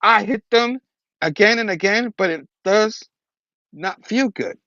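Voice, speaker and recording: A man reading out a young male superhero's comic dialogue in a raised, pitched-up voice. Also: a little slow, sharp tone, dry recording, muffled recording, exaggerated voice. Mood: anguished. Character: young adult male superhero, earnest and troubled.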